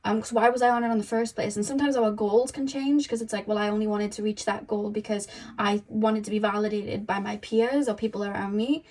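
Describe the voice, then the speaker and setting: A woman's voice: medium pitch, steady tone, a little fast, hardly any pauses, a little mellow. A young woman giving a casual tarot reading, chatty and rambling, full of "you know" and "um". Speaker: tarot reader.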